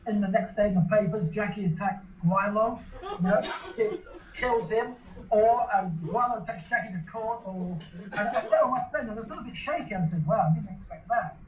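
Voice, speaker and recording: A man being interviewed rambles through a long, casual story full of restarts and repeated words. He speaks at normal speed in a high-pitched voice. The lo-fi recording is from an echoey room with background noise.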